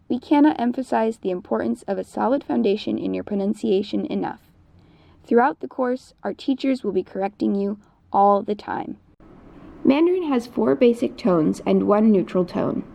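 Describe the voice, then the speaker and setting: A woman's voice: medium pitch, lively intonation, moderate pace, creaky, mellow. A woman teaching a recorded Mandarin lesson, explaining patiently in scripted narration. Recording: dull lo-fi recording.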